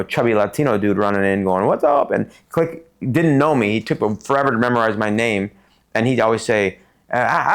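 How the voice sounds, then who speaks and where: A middle-aged man from Tucson, a podcast guest telling stories in an animated way and acting out the people in them. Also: on the low side. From Tucson, Arizona. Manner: animated, acts out voices in his stories. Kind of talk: casual storytelling interview.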